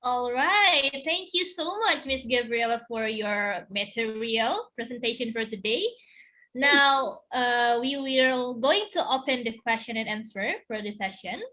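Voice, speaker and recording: A woman's voice: on the high side, measured pace, bright, forceful tone. A woman moderating a webinar over a video call, thanking the speaker and opening a question session in formal, slightly phrasing. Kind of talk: hosting a Q&A session.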